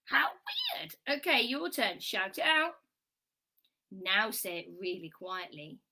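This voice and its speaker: A woman teaching a children's phonics lesson, praising warmly and sounding out letters slowly and clearly. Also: medium pitch, very animated. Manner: bright, encouraging, sing-song praise.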